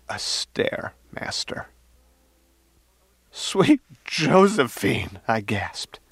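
Guy reading a story all mock-dramatic, bit of music behind. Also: on the low side. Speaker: story reader.

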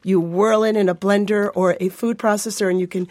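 A woman walks through her recipes in an explanatory way, naming ingredients one after another. Her voice sits at a middle pitch. The sound is dry and close. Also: steady tone, brisk, darkish tone, no echo. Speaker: guest cook. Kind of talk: cooking segment chat.

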